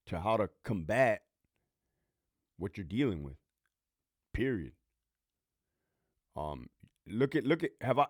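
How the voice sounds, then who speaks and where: Blunt, profane man in his thirties, lively voice. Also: fairly low pitch, no echo, studio quality. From Southern California. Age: 30s. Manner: blunt and heavily profane, animated. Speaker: podcast host and former prison lieutenant. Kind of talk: casual Q&A storytelling.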